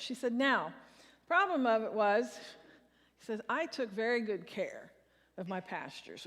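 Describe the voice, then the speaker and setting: A woman pastor preaching a sermon to her congregation and leading them in a shared recitation. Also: a little high. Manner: leads congregation in reciting a psalm. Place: large church sanctuary. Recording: long hall reverb.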